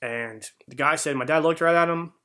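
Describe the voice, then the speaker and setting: A man's voice: a little high, moderate pace, sharp tone. A young man telling a heartfelt personal story in an earnest, rambling way, with fillers and restarts. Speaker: vlogger.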